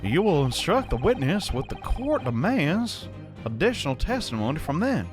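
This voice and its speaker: A man voicing a stiff, formal male judge in a courtroom game, read quickly. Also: a little high, sing-song, over music, voice pushed down. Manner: formal, hurried read-aloud delivery.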